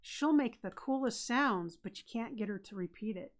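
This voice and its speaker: Her voice runs on the high side with lively intonation and a moderate pace. She's an Idaho native co-hosting a live stream, chatting casually, sharing stories, and jumping in often while her co-host talks.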